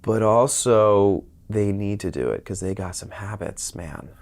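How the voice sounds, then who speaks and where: A man's voice: fairly low pitch, measured pace. A man in his thirties, an actor, chatting casually in a podcast interview and acting out the voices of people he talks about. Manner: animated storytelling, mimics other people's voices. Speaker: actor guest.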